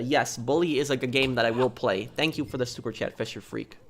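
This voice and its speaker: A man's voice: medium pitch, brisk, hardly any pauses, a little hiss or hum. Rambling young man chatting on stream. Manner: rambling, many ums and uhs, repeats himself. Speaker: streamer answering chat. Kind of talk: casual live-stream chat.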